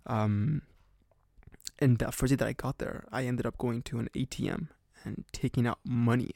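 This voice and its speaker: Rambling young man with a gravelly voice. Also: medium pitch, steady tone, moderate pace, a little mellow, no room sound, studio quality. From Canada. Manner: rambling, heavy on "like" fillers, laughs often. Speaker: podcast host. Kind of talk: casual storytelling podcast.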